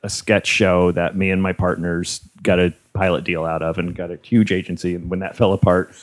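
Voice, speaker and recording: Male comedy writer on a podcast, deep-ish voice, quick and matter-of-fact. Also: level tone. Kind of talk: casual chat.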